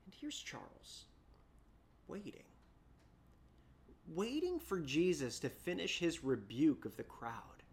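A preacher telling a story in a sermon, repeating words as they restart sentences and swinging from loud bursts down to hushed whispers. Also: medium pitch, wildly swooping pitch, takes it slowly, pauses often. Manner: frequent repeated word restarts.

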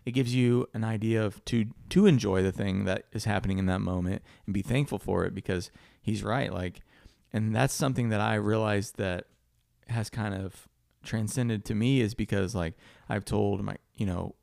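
A man's voice: on the low side, moderate pace, creaky, darkish tone, dry recording, studio quality. A young man co-hosting a podcast, chatting casually and rambling with lots of "like" and the odd swear word. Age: young adult. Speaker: podcast co-host.

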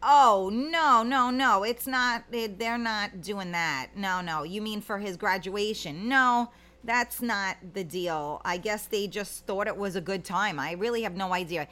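A woman's voice: medium pitch, a little slow, bright, forceful tone. A middle-aged woman, chatting casually as a livestream host and reading out viewer comments, rambling with many fillers.

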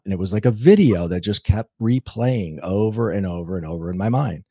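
A man's voice: fairly low pitch, animated, fairly quick, warm tone, husky, no echo, clean studio sound. A middle-aged man, a guest on a podcast, earnestly telling a personal story and acting out his own past words. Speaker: guest, intuitive and author.

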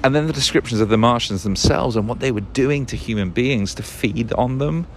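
A man's voice: medium pitch, a little fast, slight background noise. A man talking casually and at length on his own, often losing a word, correcting himself and swearing. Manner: rambling, swears, loses words, self-corrects; chuckles often. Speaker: podcast host. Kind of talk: rambling casual monologue.

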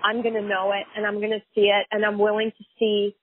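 A woman's voice: medium pitch, monotone, fairly quick, dry recording. A woman, a chiropractor and life coach, telling her story candidly and emphatically in an interview, with frequent fillers and repetitions. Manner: emphatic, repeats herself, many fillers. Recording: phone-line audio.

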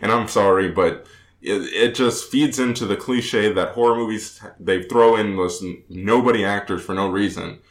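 A man co-hosts a relaxed movie review, his voice sitting a little low. He rambles, corrects himself mid-sentence and laughs easily. The room around him rings with a noticeable echo. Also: normal speed. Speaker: podcast co-host. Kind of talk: casual movie review chat. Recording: roomy echo.

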